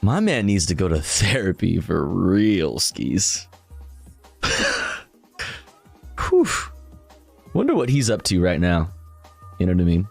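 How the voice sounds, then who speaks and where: A man's voice: low-pitched, wildly swooping pitch, slow pace, gravelly, pauses often, darkish tone, faint music behind. Laid-back, crude man streaming late at night. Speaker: streamer reacting to clips. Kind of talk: casual livestream chat.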